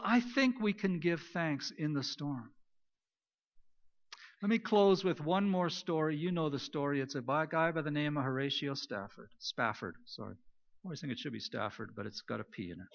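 Man preaching a storytelling sermon. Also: on the high side. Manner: storytelling, swings between loud emphasis and near-whispered quiet. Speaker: pastor. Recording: dull lo-fi recording.

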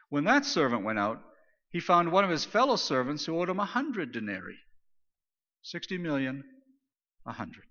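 A man preaching a sermon, retelling scripture in a casual, animated paraphrase. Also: a little high. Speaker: pastor. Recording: dull lo-fi sound with long hall reverb.

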